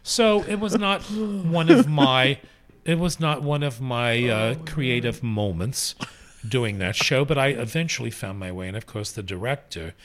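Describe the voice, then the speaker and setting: An older man, a stage actor, telling backstage stories as a guest in a casual chat, animated and frank with a salty edge. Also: mid-range voice, measured pace.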